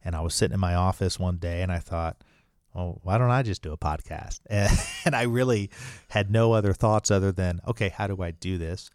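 A man with a deep, low-pitched voice talks as an interview guest. He explains his points earnestly and restarts his sentences as he thinks. The recording is dry and close, with no room sound. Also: brisk, a little mellow, clear, resonant tone, no echo. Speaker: franchise attorney and podcast host.

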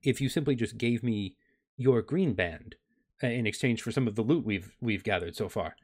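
A man's voice: mid-range voice, moderate pace, husky, close to an everyday voice. A man voicing a scheming female mercenary leader who talks in a falsely polite, persuasive way.

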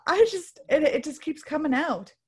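A woman co-hosting a podcast in casual chat, chatty and animated, quick to laugh. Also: high voice. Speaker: podcast co-host.

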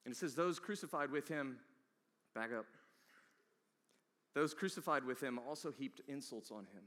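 A man preaching a sermon with dramatic swings from hushed, whispered passages to loud, emphatic peaks. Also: mid-range voice, expressive, moderate pace. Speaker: pastor. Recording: long hall reverb.

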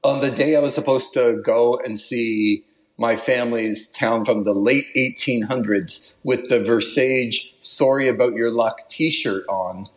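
A man's voice: mid-range voice, a little slow. Man telling a travel story animatedly. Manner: animated, laughs while telling, puts on an Italian accent for quotes. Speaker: podcast guest. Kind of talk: casual storytelling.

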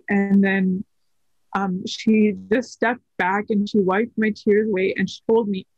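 A woman's voice: mid-range voice, steady tone, measured pace, no echo. Woman, thirties, podcast guest; hesitant, filler-heavy storytelling, dry slightly muffled recording. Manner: soft-spoken, hesitant with many fillers. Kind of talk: personal story in casual conversation.

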